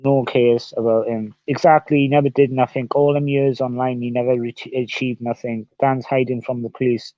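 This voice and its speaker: A man's voice: mid-range voice, level tone, moderate pace, hardly any pauses, dry recording. A man livestreaming in casual chat, rambling and swearing often as he repeats himself. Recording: dull, dry sound.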